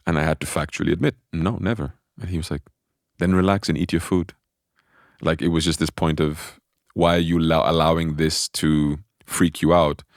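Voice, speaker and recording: A man telling a personal spiritual story in a relaxed podcast conversation, animated and often restarting his sentences. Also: extremely low pitch, a little fast, hardly any pauses, no room sound, clean studio sound.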